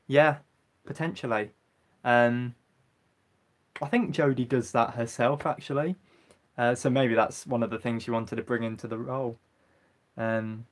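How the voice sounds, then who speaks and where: Rambling young man hosting a live chat. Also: medium pitch. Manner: rambling, hesitant, many ums. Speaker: livestream host. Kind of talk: casual live chat answering viewer comments.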